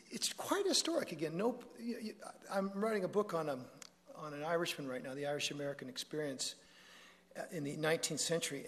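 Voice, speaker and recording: A man giving a public talk to an audience, conversational and prone to joking asides and self-corrections. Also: a little high. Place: lecture hall with an audience. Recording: long reverb of a large hall.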